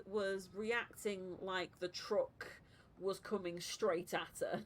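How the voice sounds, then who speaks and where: Slow-talking woman streamer, laughing. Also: on the low side. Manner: laughs often, animated storytelling with voiced impressions. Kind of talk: casual storytelling chat. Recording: live stream with clear background noise.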